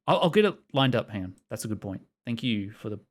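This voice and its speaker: A young man casually commenting while streaming a visual novel, chatty and joking. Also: fairly low pitch. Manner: jokey, chatty, laughing often. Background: music.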